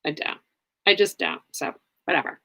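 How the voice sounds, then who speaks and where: A woman's voice: sits low, very animated, moderate pace, pushed and bright, no room sound. A woman hosting a casual livestream, answering viewers in a blunt, rambling way with many fillers. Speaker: livestream host.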